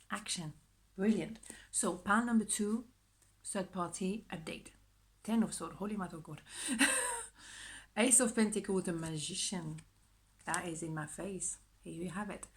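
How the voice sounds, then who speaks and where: Woman reading tarot to camera, husky morning voice, chatty and emphatic. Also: medium pitch. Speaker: tarot reader.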